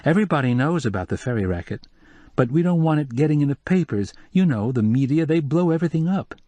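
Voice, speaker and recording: A man's voice: fairly high pitch, expressive, fast, warm tone, dry recording, voice pushed up, lightly acted. A man voicing a blunt, confiding local official in an audiobook, close and dry.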